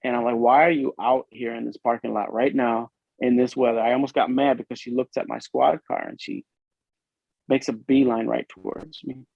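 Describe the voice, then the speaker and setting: A man from Illinois who works as a police officer, giving an earnest, emotional personal testimony in a podcast interview, with halting, restarting speech. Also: medium pitch, flat delivery, vocal fry, no room sound. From Illinois, USA. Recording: dull lo-fi dry recording.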